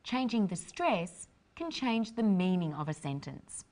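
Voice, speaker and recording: A woman hosting an English lesson, explaining in a clear, careful scripted delivery. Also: mid-range voice, big pitch swings, measured pace, darkish tone. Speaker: host, English teacher.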